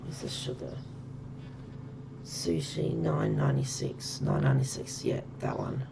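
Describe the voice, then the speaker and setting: A woman's voice: low voice, sing-song, unhurried, vocal fry, background noise. A woman chatting casually and thinking aloud as she plays a game on stream. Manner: chatty, thinks aloud while counting items. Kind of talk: casual gameplay commentary.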